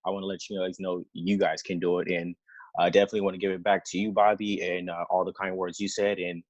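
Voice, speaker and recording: A man's voice: deep voice, little pitch movement, fast talker, no echo, highs cut off. A man sharing an earnest, grateful motivational testimonial as a new senior field trainer on a team call.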